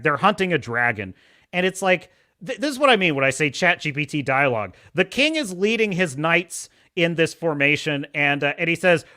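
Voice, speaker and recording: Male streamer, mocking review rant; bright, lively delivery that jumps around in pitch. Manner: mocking, laughs often, acts out scenes. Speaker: live show host. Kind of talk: sarcastic film review rant.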